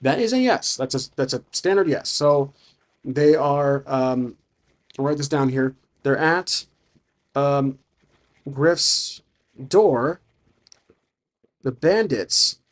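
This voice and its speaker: A man narrating a solo tabletop campaign as game master, thinking aloud with frequent restarts. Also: fairly high pitch.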